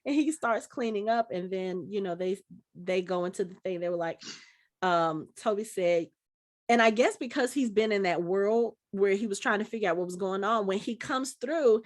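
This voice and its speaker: A woman's voice: medium pitch, normal speed. A woman in her forties, a podcast co-host, chatting casually and acting out movie scenes as she retells them. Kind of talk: casual chat.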